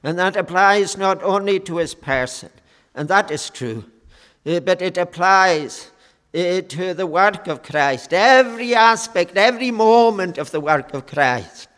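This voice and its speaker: A man preaching a sermon, with a high voice and a slow, measured delivery, pausing on fillers as he goes. His words ring with the long reverb of a church hall. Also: a bit bright.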